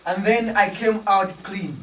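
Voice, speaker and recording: A woman telling a dramatic story in spoken-word style, with rhythmic, repetitive phrasing and loud outbursts. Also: mid-range voice, a little slow, a little hiss or hum. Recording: roomy, distant, faint ambience.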